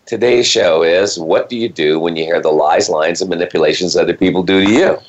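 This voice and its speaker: Man with a low voice, radio co-host, joking and explaining at length, dull lo-fi sound. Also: fairly quick, a little hiss or hum. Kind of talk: casual talk radio chat.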